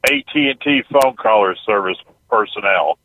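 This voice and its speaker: A man's voice: on the low side, animated, a little fast, dry recording. A man calling in to a radio show, hesitantly guessing answers over the phone. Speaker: radio caller. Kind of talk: phone call-in. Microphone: phone line. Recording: dull phone line.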